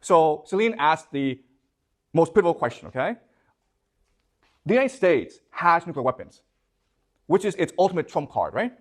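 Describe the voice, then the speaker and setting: Animated lecturing man, constant check-ins. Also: on the high side, normal speed, long pauses. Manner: keeps checking in with "okay? you understand?"; poses questions to the students. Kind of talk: classroom lecture.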